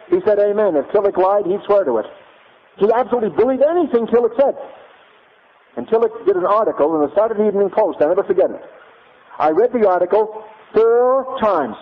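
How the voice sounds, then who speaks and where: A man telling a personal story in a lively, emphatic, punchy way. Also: high-pitched, fast talker. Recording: tinny phone-like audio.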